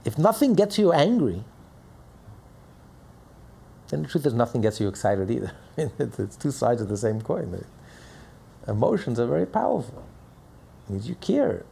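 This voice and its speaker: Gravelly, husky man teaching a lesson. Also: mid-range voice, big pitch swings, normal speed, dark tone. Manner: emphatic, rhetorical questions and repetition. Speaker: Torah teacher. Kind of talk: religious lesson.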